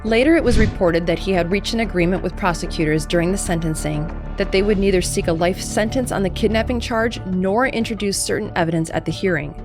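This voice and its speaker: A woman narrating a true crime video in a measured, scripted way. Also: medium pitch, over music.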